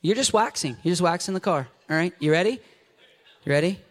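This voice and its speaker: A man preaching an animated, jokey sermon to a congregation, acting out scenes with a volunteer from the audience. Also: high-pitched, a little fast. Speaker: pastor. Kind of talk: lively sermon with audience interaction. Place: church sanctuary before a congregation.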